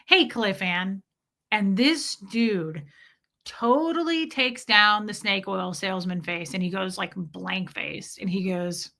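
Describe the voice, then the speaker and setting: Casting: bright-toned woman, profane animated storyteller chatting to viewers. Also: medium pitch, unhurried, gravelly. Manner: profane, animated, quotes others in dialogue. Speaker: streamer telling her own story. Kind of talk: casual storytelling to a live chat.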